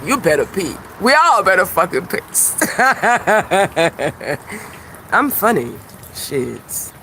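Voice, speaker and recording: A man with a high voice rambles through a live-stream monologue outdoors. He is animated and profane, and he laughs at his own jokes. Loud traffic noise sits under everything he says. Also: very slow. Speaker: YouTube livestreamer and self-described comedian. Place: outdoors by a busy street with birds. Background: passing cars and birdsong.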